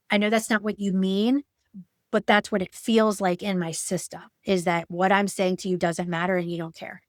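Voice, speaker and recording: A woman coach explains her approach in a loose, conversational way, dropping in fillers and acting out little quotes. Her voice sits at an ordinary middle pitch. The recording is dry and close, with no room sound. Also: dry recording. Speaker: betrayal trauma coach. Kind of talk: educational talk with personal examples.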